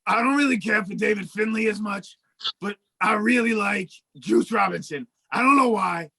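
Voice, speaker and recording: High, gravelly man chatting slowly. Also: bright, forceful tone, no echo. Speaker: podcast co-host. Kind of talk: casual chat.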